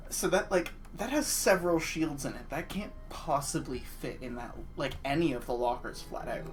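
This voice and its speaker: A man's voice: a little high, animated, normal speed, music in the background. A man co-hosting a game stream, casual commentary with dry, joking quips. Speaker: co-host. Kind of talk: casual let's-play commentary.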